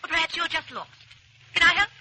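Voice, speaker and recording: In a hissy old 1940s radio drama, an actress with an extremely high, quick voice plays a local woman giving a lift. The character is an aloof, worldly young woman of an outback town, cool, haughty and scornfully dismissive.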